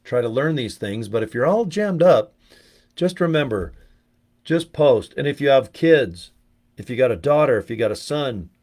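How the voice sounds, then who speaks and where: A middle-aged man talking off the cuff to his viewers, loose and profane. He rambles from advice into animated asides and swears as casually as he breathes, pitched in an ordinary male range. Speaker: network marketing vlogger. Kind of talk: casual talking-head chat.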